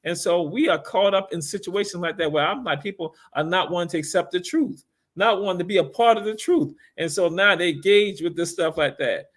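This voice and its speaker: A man hosting a casual live-stream talk show, animated and preachy, repeating his words. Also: high voice, brisk.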